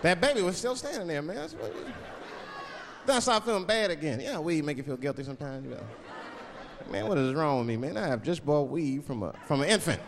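A man performs stand-up in a large hall, his voice high for a man and swinging widely in pitch as he acts out the characters in his story. The room rings with a long reverb, and a noisy crowd sits behind him. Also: animated, fast talker. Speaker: stand-up comedian. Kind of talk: stand-up routine. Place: large venue with live audience.

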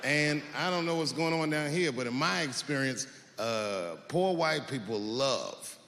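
Gravelly-voiced man doing profane stand-up. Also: medium pitch, animated, fairly bright tone. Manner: profane, conversational punchlines with long pauses. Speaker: stand-up comedian. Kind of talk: stand-up comedy. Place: stage in a hall with a live audience. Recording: echoey hall with crowd noise.

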